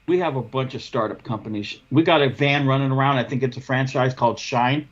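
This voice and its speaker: A man's voice: medium pitch, fairly quick. Man in casual chat, lo-fi audio. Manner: casual, agreeable. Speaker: podcast guest. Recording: dull lo-fi audio.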